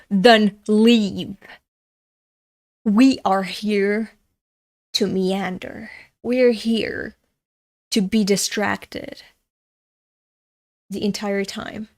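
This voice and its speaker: A woman host chatting casually during a manga read-along, rambling off on tangents, swearing freely and talking to her viewers. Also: mid-range voice. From Europe. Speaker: manga reader and channel host.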